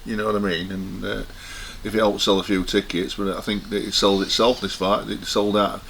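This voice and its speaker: A man talking as a guest in a casual chat, measured and hesitant, often restarting his phrases. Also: lowish voice, flat delivery, creaky, fairly bright tone, slight background noise.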